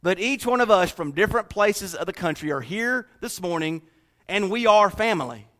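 A man's voice: high voice, lively intonation, normal speed, a bit bright. A man from North Carolina with a Southern accent, preaching a folksy sermon to his congregation in church. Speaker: pastor.

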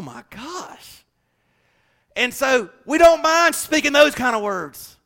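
High, bright-voiced preacher. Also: male voice. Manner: preaching with dramatic swings from hushed to shouting. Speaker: pastor. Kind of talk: sermon.

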